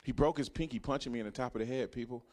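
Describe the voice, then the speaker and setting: A man in his thirties doing a stand-up comedy set, telling a profane story that swings from hushed asides to loud punchlines. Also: medium pitch, very fast. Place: comedy club stage.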